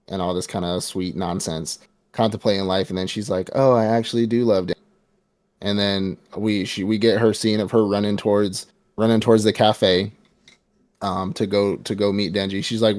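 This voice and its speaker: A low-pitched man in a relaxed podcast chat, breaking down a film scene with energy and frequent laughter. He slips into playful impressions of the characters as he goes. The sound is close and dry. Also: dry recording. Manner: animated retelling, acts out characters' lines, laughs often. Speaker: podcast co-host. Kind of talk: casual movie review chat.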